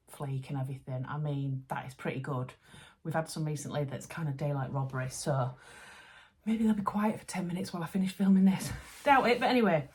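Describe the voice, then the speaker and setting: A Yorkshire woman in her thirties chatting to camera about sewing and gifts she has received, gushing and chatty. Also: low-pitched. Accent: Yorkshire English. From Yorkshire, England. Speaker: sewing vlogger. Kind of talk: casual chat to camera.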